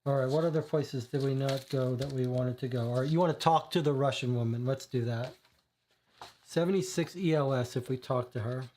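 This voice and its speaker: Mid-pitched voice, thinking aloud, hesitant fillers, reads out detective game text. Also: brisk, warm tone, a little hiss or hum. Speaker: board game player and streamer. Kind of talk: co-op board game livestream commentary.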